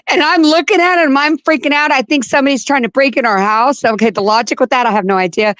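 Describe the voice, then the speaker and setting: An animated woman tells a story on a casual online chat, laughing as she goes. Her voice sits a little high and sounds close and dry, with no room around it. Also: quick pace, few pauses, dry recording. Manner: animated, laughs while telling, acts out her own panicked voice. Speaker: co-host telling a story.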